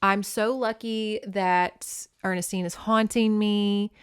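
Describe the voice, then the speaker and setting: A woman's voice: medium pitch, steady tone, slow, smooth, no echo, studio quality, natural voice. Woman doing a giddy, brash young singer. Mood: gleeful. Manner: gushing, brash.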